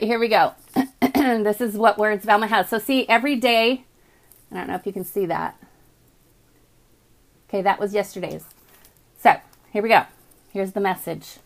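A woman hosting a live inspirational talk stream, chatty and enthusiastic, often calling her viewers "guys" and reading uplifting passages aloud. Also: mid-range voice. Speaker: host.

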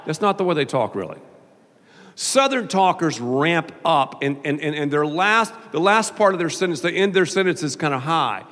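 Southern male pastor, high and playful, sermon with a long hall echo. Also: normal speed. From American South. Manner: animated, jokey, does mock voices. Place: large church auditorium. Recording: long reverb of a large hall.

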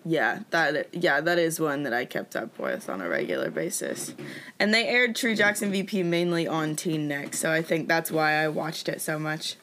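A young woman, co-hosting a podcast in casual chat, chatty and quick to laugh, her voice still in its morning state. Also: low-pitched, sing-song, a bit bright. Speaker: podcast co-host.

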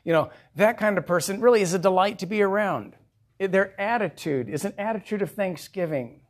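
A man's voice: high-pitched, a little fast. A male pastor preaching a sermon in a conversational way, asking his congregation questions.

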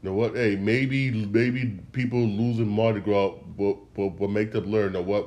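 A man's voice: lowish voice, steady tone, measured pace, few pauses, darkish tone. A man hosting a solo podcast, ranting in a heated way, repeating himself and speaking straight to his listeners. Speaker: podcast host.

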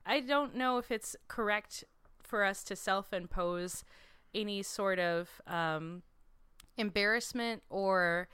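A woman's voice: medium pitch, takes it slowly, pushed and bright, clean tone, no room sound. A young woman co-hosting a comedy podcast, chatting casually in a giggly, outspoken way. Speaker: podcast co-host.

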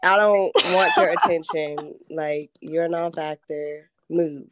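A woman's voice: low voice, takes it slowly, noisy background. A woman in a casual chat, telling a story in a dry, dismissive way.

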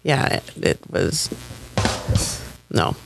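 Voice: very slow, over loud music. A podcast co-host chatting casually, thoughtful and agreeable, sometimes losing the thread. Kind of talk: casual chat.

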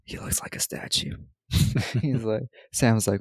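A man with a gravelly, fry-edged voice recaps a movie for a podcast, quoting the characters and chuckling as he goes. The sound is close and dry, with no room around it. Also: medium pitch, measured pace, no echo. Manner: laughs often, retells scenes with quoted lines. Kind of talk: casual chat.

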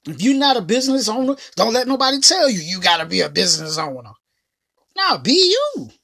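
A woman's voice: medium pitch, expressive, fast, gravelly, fairly bright tone. A woman hosting a casual motivational talk, who speaks emphatically and repeats her phrases in a slangy, conversational way. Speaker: motivational podcast host.

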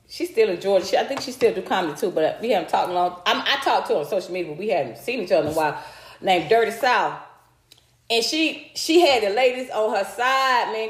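Chatty high-voiced woman streamer, roomy echo. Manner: chatty, talks straight to viewers, swears freely. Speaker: livestream host. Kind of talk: casual livestream chat.

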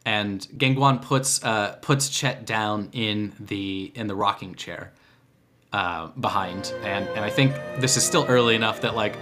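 A man narrating as game master in a casual, halting way, full of filler words. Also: on the low side, sharp tone, faint music behind.

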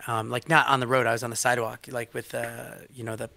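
A man's voice: mid-range voice, little pitch movement, fast, gravelly, bright, forceful tone, no room sound. A man co-hosting a stream, chatting casually and rambling with lots of fillers and restarts. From outside Australia. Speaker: stream co-host. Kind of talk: casual chat.

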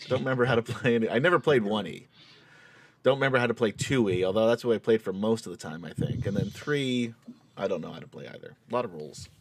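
A man's voice: on the low side, quick pace, slight background noise. A man hosting a tabletop game stream as game master, chatty and laughing with fillers as he recaps the story.

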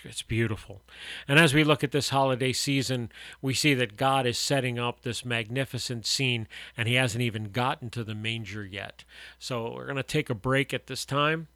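A man preaching as a radio pastor, folksy and rambling, slowing down to stretch words for emphasis. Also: mid-range voice, fairly bright tone, no room sound. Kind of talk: radio sermon.

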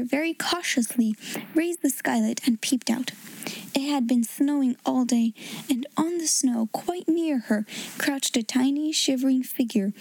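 A woman host reading a children's story aloud, with expressive, gently acted dialogue. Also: high voice, poor audio.

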